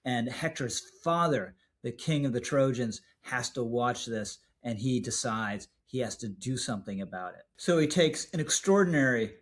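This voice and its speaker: Male commentator, scripted video essay, measured, slows for emphasis, mid-pitched voice. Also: lively intonation. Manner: measured, emphatic delivery, slows for key words. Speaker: political commentator.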